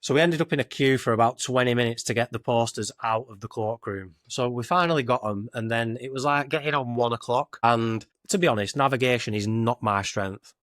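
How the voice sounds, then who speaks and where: A man's voice: mid-range voice, a bit bright, no echo, clean studio sound. Lancashire man telling a rambling story. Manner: rambling anecdotal, northern dialect "I were", "it were". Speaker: podcast co-host. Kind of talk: casual storytelling chat.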